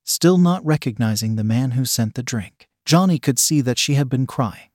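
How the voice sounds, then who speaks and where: A man's voice: medium pitch, lively intonation, moderate pace, a little mellow, no echo. Man narrating a story, dry sound.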